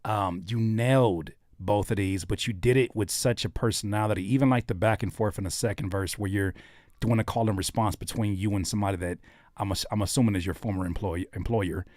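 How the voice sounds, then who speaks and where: A man's voice: lowish voice, steady tone, fairly quick, a little mellow, dry recording, clean studio sound. A man hosting a live stream, reacting to listeners' songs in casual, thoughtful talk with many fillers and restarts.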